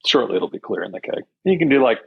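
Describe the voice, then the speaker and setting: A man's voice: medium pitch, big pitch swings, fast talker, creaky, husky, phone-quality sound. A man speaking as a guest on a casual podcast, explaining things in an easygoing, matter-of-fact way.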